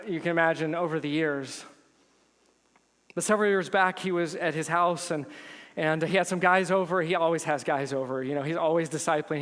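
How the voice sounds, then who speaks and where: High-voiced pastor preaching in an echoing hall. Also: male voice. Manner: animated storytelling, swelling to emphatic intensity. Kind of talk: sermon. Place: church sanctuary. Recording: long reverb of a church hall.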